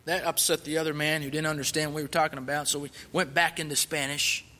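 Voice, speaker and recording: A man's voice: a little high, flat delivery, quick pace, bright, forceful tone, in a large hall. A man, a missionary, earnestly telling his personal testimony, swelling with fervor when he recites scripture.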